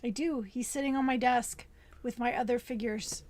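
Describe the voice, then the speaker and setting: A woman with a somewhat high voice co-hosts a casual podcast. She mostly chimes in with short agreeing replies and the odd brief opinion. Her voice is recorded close and dry. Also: steady tone, normal speed, darkish tone, dry recording. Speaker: podcast co-host. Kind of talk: casual chat.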